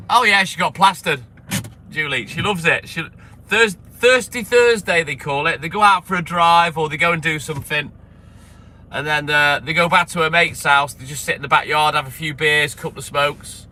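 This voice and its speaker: A chatty, friendly man on his milk round, rambling casually to live viewers. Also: a little high. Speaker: milkman streamer. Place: outdoors by a vehicle on a milk round. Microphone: phone. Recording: noisy outdoor phone stream. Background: street and vehicle noise.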